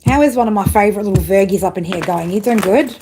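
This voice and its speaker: A woman's voice: medium pitch, fast, background noise. Blunt, swearing woman. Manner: blunt, heavily profane ranting. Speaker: tarot reader. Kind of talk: live-stream reading, chatting with viewers.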